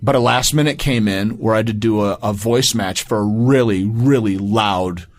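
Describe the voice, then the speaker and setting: A man hosting a podcast, a voice actor himself, chatting casually and telling anecdotes with quick asides. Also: fairly low pitch.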